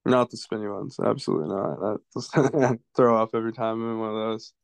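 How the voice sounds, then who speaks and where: A man's voice: fairly low pitch, fairly even intonation, brisk, vocal fry, dry recording. A young man from the West Coast, a baseball player guest, laid-back and hesitant with lots of "uh" and laughs. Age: young adult. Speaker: college baseball pitcher, guest. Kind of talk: casual interview.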